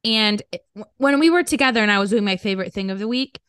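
A young woman trades casual banter as a podcast co-host. Her voice sits at a middle pitch, chatty and quick to laugh, with slangy phrasing. It is recorded close and dry with no room sound. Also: expressive, a bit bright, clean tone, dry recording. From upstate New York. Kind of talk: casual chat.

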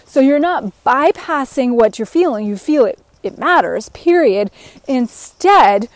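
A woman's voice: sits high, animated, measured pace, dry recording. Earnest woman giving self-help advice. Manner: earnest, encouraging, talks in long run-on sentences. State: a bit out of breath. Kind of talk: motivational self-help talk.

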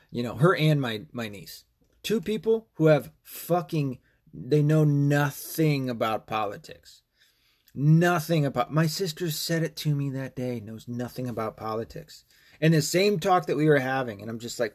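A man's voice: mid-range voice, lively intonation, a little slow. A man hosting a podcast, talking in a casual, rambling and profane rant. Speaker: podcast host. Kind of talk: casual monologue.

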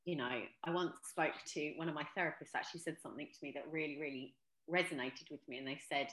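A woman's voice: deep voice, fast, a bit bright, echoey room. A woman speaking as a podcast guest about mental health, earnest and reflective, with frequent ums and restarts. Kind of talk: casual podcast interview.

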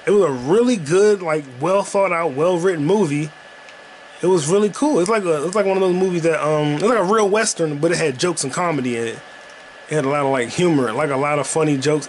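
A man's voice: on the high side, a little hiss or hum. Rambling, profane man chatting casually. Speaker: podcast host playing a video game. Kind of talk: casual gaming commentary.

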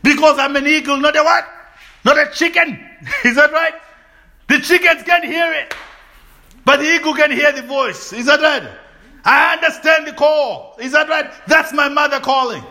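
A man preaching a sermon in call-and-response fashion, often asking his listeners to agree, with bursts of shouting and laughter. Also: very high-pitched, moderate pace.

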